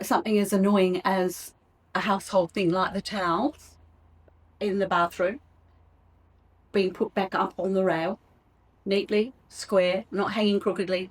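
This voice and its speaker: A woman's voice: medium pitch, rough recording. Woman coaching couples on a podcast. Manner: conversational, acts out sample lines to a partner. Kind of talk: solo advice podcast.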